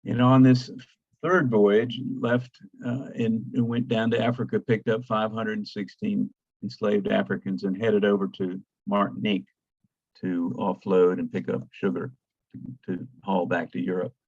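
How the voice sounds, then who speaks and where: An older man giving a slide lecture, his low voice full of ums, false starts and calls for the next slide. The sound is dull and lo-fi, very dry, with no room around it. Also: level tone, vocal fry, a little mellow, slightly rough, no room sound. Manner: halting, many fillers and restarts. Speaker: guest lecturer, archaeologist. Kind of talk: slide presentation talk.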